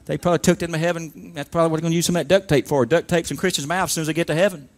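A man with a light, high-pitched voice preaches a sermon. He builds his lines emphatically and calls on the congregation to repeat after him. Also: fairly even intonation, very fast. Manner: emphatic call-and-response preaching. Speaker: pastor.

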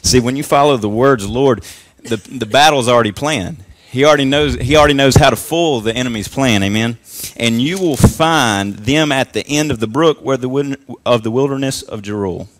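A man in his twenties preaching a sermon in church, peppering his lines with amens and swinging from quiet asides to loud, rising exhortation. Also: mid-range voice, normal speed, dry recording. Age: 20s. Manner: punctuates lines with frequent amens and praise God. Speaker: young preacher. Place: church service.

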